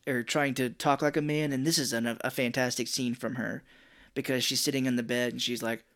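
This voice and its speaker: A man's voice: mid-range voice, fairly even intonation, fairly quick, fairly bright tone. A man co-hosting a movie podcast in casual chat, loose and profane, now and then quoting people in put-on voices. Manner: loose and profane, quotes others in funny voices. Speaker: podcast co-host.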